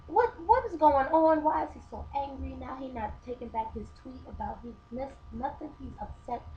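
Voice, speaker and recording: A woman's voice: high-pitched, normal speed, dark tone. A woman chatting in a casual vlog, telling a story with mocking asides. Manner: storytelling, mocking, acts out quotes. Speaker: vlogger. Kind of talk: casual opinion chat. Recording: dull lo-fi webcam sound with faint hiss.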